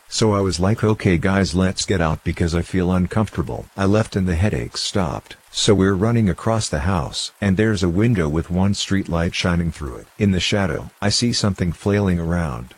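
A man with a very deep, low-pitched voice narrates scary stories. His reading is steady and measured, laying out each tale in a calm, even way.

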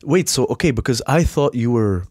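A man's voice: mid-range voice, animated, fairly quick, darkish tone, slightly rough, no echo, studio quality. A man hosting a podcast, chatting in a playful way with lots of laughs and stammered restarts. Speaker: podcast host. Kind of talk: casual podcast chat.

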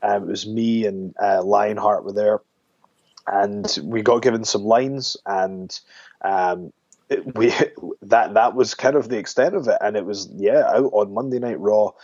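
Low-voiced man, dull lo-fi sound. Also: a little slow, breathy edge, no echo. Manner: relaxed, rambling with many restarts. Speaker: interview guest, wrestler. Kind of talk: casual phone interview.

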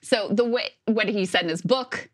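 A woman co-hosting a political talk show, giving brisk, dismissive analysis. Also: mid-range voice. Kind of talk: political commentary chat.

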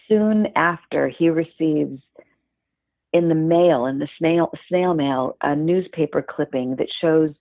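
A woman co-hosting a talk show, telling a long story in a lively way with fillers and restarts. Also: low voice, no echo. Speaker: podcast co-host. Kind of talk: storytelling conversation. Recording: thin phone-like audio.

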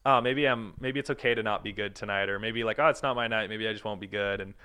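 A man's voice: lowish voice, fast talker, sharp tone, clean tone. A man in his thirties, a professional volleyball player, talking casually and energetically on a podcast, full of slang and swearing.

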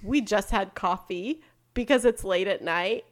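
A woman co-hosting a casual podcast, upbeat and quick to laugh. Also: mid-range voice. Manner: upbeat, giggly. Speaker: podcast co-host. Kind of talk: casual chat.

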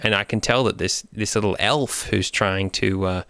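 A man's voice: fairly low pitch, steady tone, normal speed, sharp tone, clean tone, dry recording. A man co-hosting a comedy podcast, talking in a rambling, mock-serious way. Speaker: podcast co-host. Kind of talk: comedic commentary.

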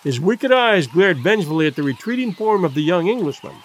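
A man narrating an adventure novel in a measured, expressive storytelling manner. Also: sits high. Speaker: audiobook narrator. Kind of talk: scripted narration.

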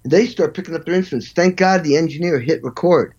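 A man in an interview telling animated stories as a session drummer, acting out quotes and vocalizing drum parts. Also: on the high side, fast, husky, dull audio. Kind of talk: storytelling interview.

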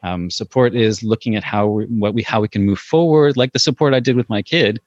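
A man's voice: lowish voice, fairly quick, a little mellow, no echo, muffled recording. A man talking casually as a guest about parenting, hesitant, with many fillers and restarts as he tells stories. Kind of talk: casual podcast conversation.

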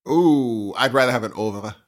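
A man's voice: mid-range voice, moderate pace. A man co-hosting a podcast in casual banter, stubborn and giggly, often trailing off mid-sentence. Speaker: podcast co-host.

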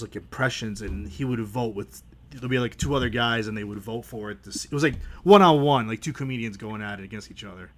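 A man hosting a casual podcast conversation, easygoing and agreeable, with lots of "like" and "yeah". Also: medium pitch. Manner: easygoing, agreeable, many fillers. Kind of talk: casual chat.

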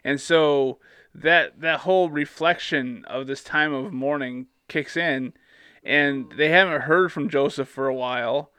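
A man's voice: fairly high pitch, unhurried, bright, forceful tone, clean tone, no echo. A man co-hosting a casual Bible study, reading scripture aloud and adding playful asides.

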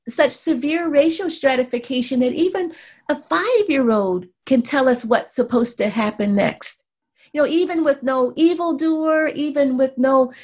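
Higher-voiced woman explaining as an interview guest. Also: darkish tone. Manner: explains at length, often tagging points with "right?" and "you know". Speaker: guest researcher and author; mother.

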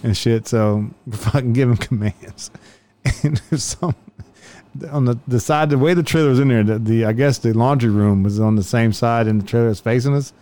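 A man's voice: medium pitch, moderate pace. Profane, laughing man telling stories. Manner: profane, laughing often, animated when quoting. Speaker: law enforcement officer telling stories. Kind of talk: casual storytelling chat.

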